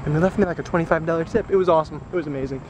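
A young man chatting casually in a daily vlog, goofy and excitable, filming himself on a handheld camera as he goes about his day. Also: fairly high pitch, very fast. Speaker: daily vlogger. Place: on the go, in a car and at work. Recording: noisy background.

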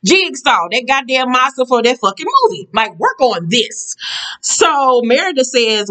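A woman's voice: fairly high pitch, a bit bright. A woman vlogger recapping a reality show episode in a sassy, blunt, casual way, swearing freely and laughing at her own jokes.

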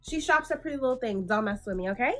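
A young fashion vlogger with a fairly high voice talks fast through a clothing try-on haul, sassy, blunt and animated, calling her viewers sweetie. She sounds hot and a bit out of breath, with soft music behind her and poor audio quality.

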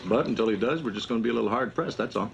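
An actor playing a smooth-talking, evasive team executive and scout, in a 1970s TV drama. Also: male voice, medium pitch, animated, rapid-fire, soft background music. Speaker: team manager and talent scout.

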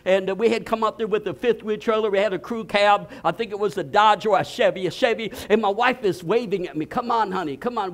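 An older man preaching a sermon, telling stories with bursts of shouting and laughter. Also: very high-pitched. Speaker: pastor.

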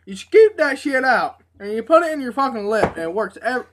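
A woman telling profane, animated stories in a casual review video. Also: a little high, fairly quick, background noise. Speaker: tobacco dip reviewer. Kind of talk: casual storytelling.

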